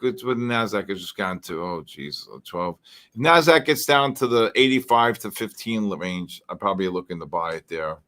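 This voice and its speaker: A man's voice: mid-range voice, fairly bright tone. Rambling male trading-stream host. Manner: rambling, exclamatory, talks to chat and dog. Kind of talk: live market commentary.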